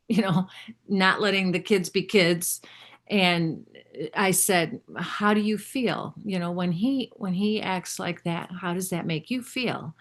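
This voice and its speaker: A woman's voice: fairly low pitch, a bit bright. Older lady chatting away, rambling, keeps restarting, laughs a lot. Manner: rambling, self-interrupting, laughs often. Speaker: spiritual group member sharing. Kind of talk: casual sharing.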